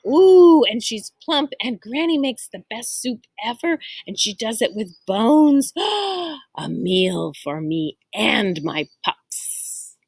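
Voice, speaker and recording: A woman's voice: a little high, very animated, slow pace, vocal fry, a little mellow, slightly rough, no echo, heavily acted, rough recording. A woman doing a greedy scheming wolf.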